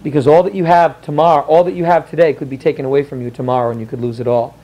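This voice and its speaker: A man voicing a calm, wise old statesman. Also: a little high, very fast, voice pushed down, natural voice, poor audio.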